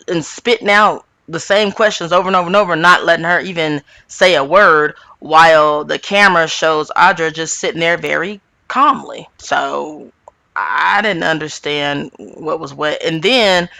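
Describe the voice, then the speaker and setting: Ranting her way through a reality show recap, a woman host sounds gravelly, casual, and full of opinions, with sudden pitch spikes. No room sound is audible.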